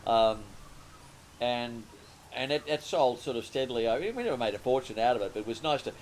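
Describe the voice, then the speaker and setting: A man's voice: mid-range voice, animated, fairly quick, a little hiss or hum. Older Australian man, rambling anecdotes. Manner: rambling anecdotal storytelling with frequent restarts. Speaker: interview guest, comedy writer and producer. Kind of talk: conversational interview.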